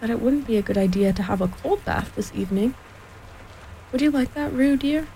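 A woman's voice: fairly high pitch, lively intonation, fairly quick, mellow, slight background noise, poor audio. A woman playing a cheerful, firm mother kangaroo. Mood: soothing. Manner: cheerful, soothing, firmly motherly.

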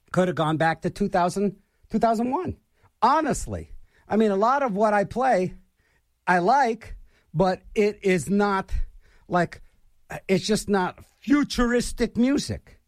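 A middle-aged male radio DJ rambles on air with a high, lively voice that swoops up and down. He restarts his sentences and piles on fillers. The sound is close and dry. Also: no echo. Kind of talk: casual on-air DJ chat.

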